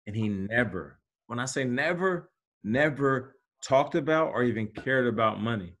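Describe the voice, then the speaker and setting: A man in his forties and a former pro athlete, telling stories as a podcast guest in a slangy, animated way. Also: mid-range voice, normal speed. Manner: lively, slangy, acts out quotes, laughs while telling stories. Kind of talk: animated storytelling in casual conversation.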